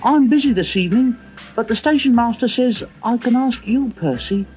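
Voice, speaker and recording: A man's voice: very high voice, expressive, normal speed, warm tone, faint music behind. A man voicing a busy, polite man asking a favour in storybook narration, hesitant in manner, on dull lo-fi archive audio.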